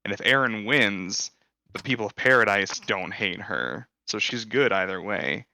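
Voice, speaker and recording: A man with a lowish, bright voice, recorded dry and close. He talks through his points in a measured, casual way on a podcast. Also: dry recording. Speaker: podcast co-host. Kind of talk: casual podcast chat about an anime.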